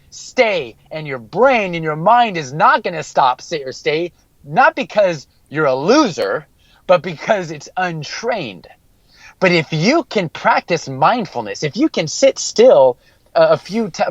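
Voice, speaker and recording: A man's voice: on the high side, no room sound, dull audio. A man working as a mental skills coach, giving an earnest podcast interview and repeating key phrases for emphasis.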